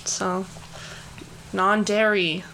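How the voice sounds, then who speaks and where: A woman's voice: medium pitch, level tone, extremely slow, background noise. A young woman co-hosting a casual podcast chat, playful and giggly, slipping into silly voices. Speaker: podcast co-host.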